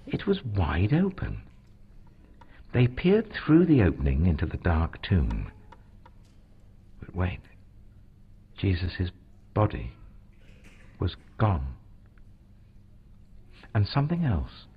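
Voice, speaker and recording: Husky, slow, dramatic storybook narrator man. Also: low voice, huge pitch swings. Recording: dull lo-fi recording.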